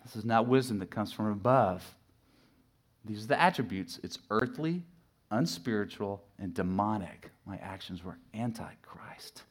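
A middle-aged pastor preaching a sermon, telling a personal story with lively swings from loud acted shouts to hushed asides. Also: male voice, on the low side, normal speed. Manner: animated storytelling, acts out his own shouting and sudden hushed asides.

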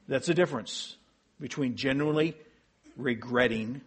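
A pastor giving an earnest sermon, teaching with rhetorical questions and frequent restarts. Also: male voice, mid-range voice, expressive, normal speed, a bit bright, breathy edge.

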